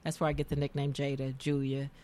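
A middle-aged woman from the American South, with a Southern US accent, hosts a casual radio talk show and tells stories in a tangential, emotional way. Her voice is very deep and darkish, delivered fast and in a monotone, with slight background noise.

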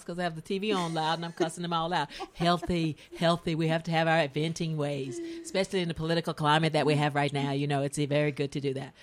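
A woman in casual chat, host of a talk show, telling a story with plenty of animation and frequent laughter. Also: on the low side.

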